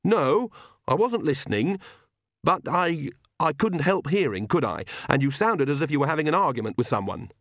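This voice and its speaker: A man's voice: fairly high pitch, big pitch swings, normal speed, dry recording, clean studio sound, pitched above the performer's own voice. A man voicing an earnest, anxious young male priest in a storybook reading, hesitant and a little defensive.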